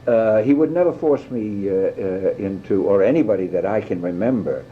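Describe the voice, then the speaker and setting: An older man, a guest actor, telling lively stories in an interview, swearing freely and mimicking others. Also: fairly low pitch, moderate pace. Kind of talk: anecdotal interview. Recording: dull lo-fi tape with faint hiss.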